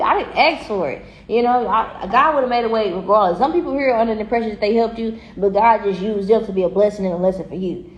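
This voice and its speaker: A woman giving a casual tarot reading, talking bluntly and profanely in an animated way and laughing often. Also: on the high side, fast talker, dull audio, a little hiss or hum. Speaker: tarot reader. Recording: echoey room.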